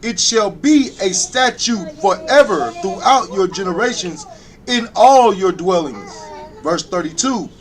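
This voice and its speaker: A man reading scripture aloud in a slow, loud, deliberate recitation during a religious class. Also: high voice, lively intonation. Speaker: scripture reader.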